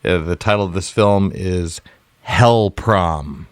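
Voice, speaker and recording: A man with a low voice rambles eagerly through an invented movie plot, full of fillers and restarts. His voice sits deep and is recorded close, with a dry, dead sound. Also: slow pace, dry recording. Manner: excitable, rambling, lots of fillers. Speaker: podcast co-host. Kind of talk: casual comedic brainstorming chat.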